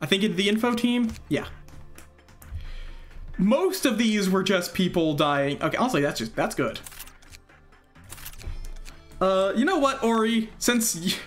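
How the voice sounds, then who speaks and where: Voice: mid-range voice, animated, a little slow, long pauses, faint music behind. A streamer doing casual gameplay commentary and talking with viewers, laughing often and trailing off mid-sentence.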